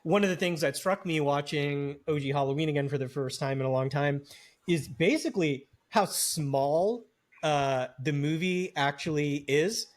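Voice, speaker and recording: A man's voice: fairly high pitch, moderate pace. A man co-hosting a horror film podcast, rambling in casual chat with lots of fillers and restarts. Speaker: podcast co-host.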